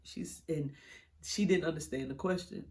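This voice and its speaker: A woman's voice: sits low, moderate pace, gravelly, a little mellow. A middle-aged woman, telling her own story in an interview, candid and blunt, swearing freely. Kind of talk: emotional personal storytelling.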